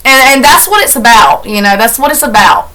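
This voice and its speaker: A woman's voice: fairly high pitch, animated, a little fast, sharp tone, low-quality recording. A middle-aged woman, chatting in a heartfelt, rambling, folksy way as she does chores for her vlog. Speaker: vlogger. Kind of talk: casual chat while doing chores.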